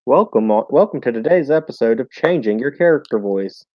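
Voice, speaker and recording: A man's voice: mid-range voice, lively intonation, a little fast, no room sound. A man narrating as game master in a casual, hesitant way with many fillers, heard over an online call. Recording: tinny phone-like line, dry.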